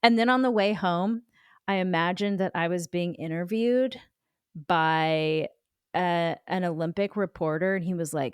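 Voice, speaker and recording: A woman in her forties co-hosts a podcast, telling a self-mocking story that rambles along with plenty of "like"s. Her voice is smooth and resonant. The recording is dry and close. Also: on the low side, a little slow, no echo. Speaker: podcast co-host. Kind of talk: casual chat.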